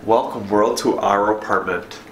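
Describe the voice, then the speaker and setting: A man's voice: lowish voice, moderate pace, a bit bright, roomy sound, slight background noise. A young man in his twenties chatting casually and upbeat as a fitness vlogger, walking through his apartment. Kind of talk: casual vlog chat. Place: apartment at home.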